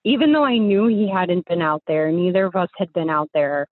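A young woman tells a story over a tinny, phone-like line, her voice on the low side and dry. She rambles, circling back with fillers and restarts, in a casual conversational way. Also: moderate pace, no echo. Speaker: guest storyteller.

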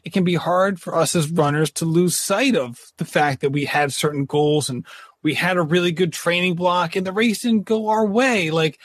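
Male host, thoughtful, slightly high voice, dry sound. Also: no room sound. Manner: thoughtful, slow, searching for words. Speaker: podcast host. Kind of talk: casual interview talk.

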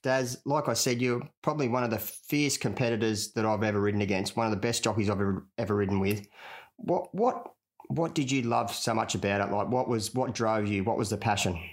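A man's voice: on the low side, fairly even intonation, quick pace, hardly any pauses. Easygoing male interviewer. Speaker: interviewer, former jockey. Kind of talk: casual interview.

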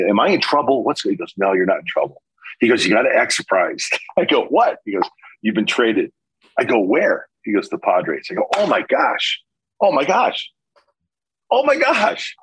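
Older guy in his 60s, husky lowish voice, ex-pitcher telling stories, does all the voices, laughs a lot. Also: dry recording, rough recording. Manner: animated storyteller acting out quotes, laughs often. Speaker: baseball broadcaster and former pitcher. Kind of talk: casual storytelling interview.

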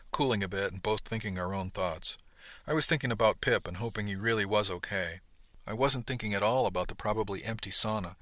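Bright, low-pitched male narrator. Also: dry recording. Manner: steady storytelling, quiet tags. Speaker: audiobook narrator. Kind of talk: scripted first-person narration.

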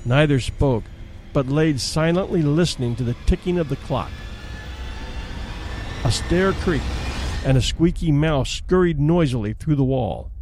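A man who hosts a podcast and narrates a classic short story in an expressive, dramatic storytelling manner. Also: a little high, a little slow, pauses often, a little hiss or hum.

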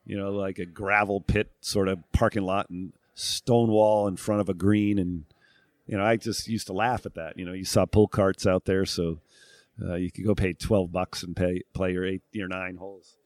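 This former tour golfer turned broadcast analyst, a middle-aged New Englander, chats casually as an interview guest in a fairly low, flat voice at normal speed. Reflective, he thinks out loud, restarting phrases and filling pauses with "uh" and "um." The sound is close and dry with no echo.

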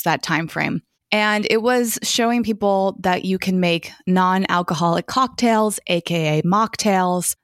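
A woman co-hosts a podcast, chatting casually and laughing often, and calls herself an organized type A. Her voice is fairly low, recorded with clean studio sound and no echo.

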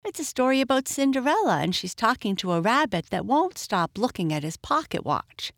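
A woman's voice: a little high, very animated, fairly quick, dry recording, studio quality, pitched above the performer's own voice. Pixie, a woman voicing a curious young girl. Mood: explaining. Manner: earnest, stubborn.

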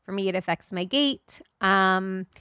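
A middle-aged woman co-hosts a podcast with breezy, playful chat and reads listener letters aloud. Her voice sits at a middle pitch, and the sound is dry and close. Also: a little slow, bright, forceful tone, smooth, no echo. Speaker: podcast co-host. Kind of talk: casual podcast banter.

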